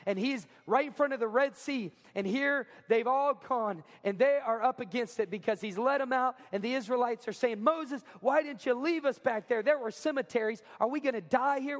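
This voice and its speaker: A man with a very high voice preaches a sermon as pastor, keeping it conversational, questioning the congregation often, and acting out quotes. The recording carries hall reverb.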